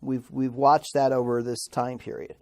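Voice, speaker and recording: With a medium-pitched voice and flat delivery at a moderate pace, a middle-aged Bible institute teacher lectures on history. He talks conversationally, asks the class questions, and stumbles on tricky words.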